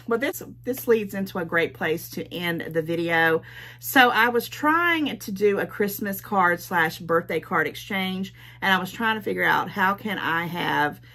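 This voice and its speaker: At home in daylight, a woman with a Southern US accent unwraps gifts for her casual YouTube vlog. She's effusive, gushing and saying thank you again and again. Her voice is on the low side and a bit bright.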